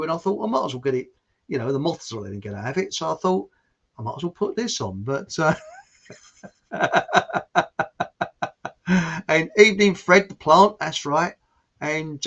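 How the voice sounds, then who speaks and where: The host of this livestream is a man with a medium-pitched, somewhat bright voice. He chats casually and reads viewer comments aloud, rambling with chuckles and loose restarts, captured in dull lo-fi stream audio.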